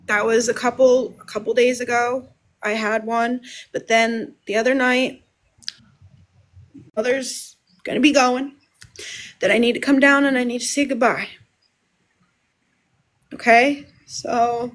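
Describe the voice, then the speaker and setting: A woman speaking as a livestream guest, halting and emotional, restarting her sentences as she tells a family story. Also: fairly high pitch, steady tone.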